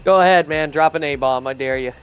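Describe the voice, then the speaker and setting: A man's voice: a little high, a little fast, clean tone, faint music behind. Swearing joker man on a muffled mic. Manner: jokey, mock-threatening, swears freely. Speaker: streamer. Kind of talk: casual chat.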